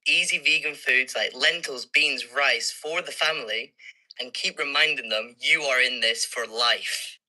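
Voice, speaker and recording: A man on a livestream as a guest, reading questions and answers aloud in a plain, slightly halting way. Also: medium pitch, bright, forceful tone, rough recording.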